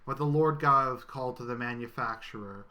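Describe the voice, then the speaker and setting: A man giving a scripted satirical reading in a solemn, mock-biblical cadence with deadpan asides. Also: mid-range voice, normal speed. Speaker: satirical reader.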